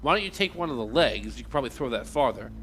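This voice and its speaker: A man's voice: mid-range voice, expressive, fast talker, very noisy. A man playing a tabletop game, joking and hedging with many fillers. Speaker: player. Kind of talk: casual tabletop play.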